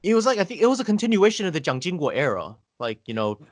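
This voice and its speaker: Halting male podcast guest from Taiwan. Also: sits high, very animated, dry recording, clean studio sound. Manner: hesitant, halting, filler-heavy storytelling. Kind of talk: casual conversation.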